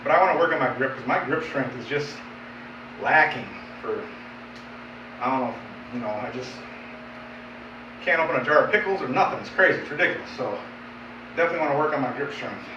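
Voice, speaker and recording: A man's voice: mid-range voice, expressive, fairly quick, pauses often, reverberant, lo-fi sound, noisy background. A man in his fifties livestreaming a casual workout chat from his home basement gym, plainspoken and rambling, repeating himself as he talks. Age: 50s. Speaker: fitness streamer. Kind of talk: casual live-stream chat while lifting.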